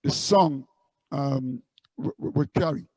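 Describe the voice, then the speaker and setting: Gravelly man telling stories. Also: mid-range voice, slow pace, darkish tone, no room sound, rough recording. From Guyana. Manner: rambling anecdotes with many restarts. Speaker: street musician guest. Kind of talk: casual storytelling interview.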